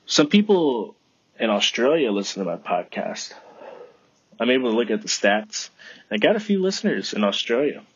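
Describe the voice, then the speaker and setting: Husky-voiced man hosting a solo podcast. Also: medium pitch, sing-song, moderate pace, dry recording, highs cut off. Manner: rambling, profane, self-talking. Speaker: podcast host. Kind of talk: casual solo podcast monologue.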